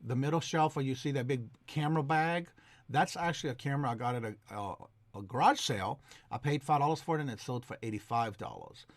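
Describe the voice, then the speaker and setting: A man's voice: mid-range voice, fast talker, no echo. A man giving a rambling, casual voice-over about his antique booth, full of fillers and restarts. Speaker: antique reseller and vlogger.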